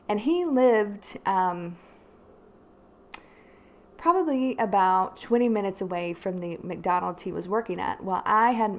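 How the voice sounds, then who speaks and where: Chatty woman telling a story. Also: medium pitch. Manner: chatty, rambling, fillers like "like" and "you know". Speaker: tarot reader and channel host. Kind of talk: casual storytelling to viewers.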